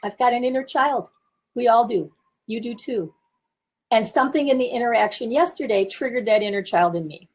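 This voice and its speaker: A woman's voice: a little high, brisk, a little mellow, slightly rough. A woman in her seventies, a therapist and teacher, giving candid, self-reflective coaching talk from her office. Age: 70s. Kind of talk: casual talk to camera.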